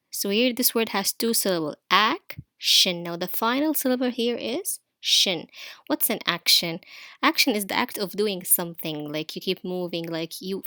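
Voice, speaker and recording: A woman teaching an online spelling lesson to young pupils, explaining slowly and repeating each word for the class to say. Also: lowish voice, pushed and bright, no echo, clean studio sound.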